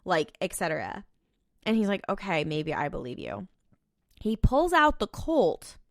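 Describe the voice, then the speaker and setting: A woman co-hosting a podcast, recapping a TV episode in casual chat and quoting characters in quick asides. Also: fairly low pitch, huge pitch swings, no echo, clean studio sound. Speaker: podcast co-host.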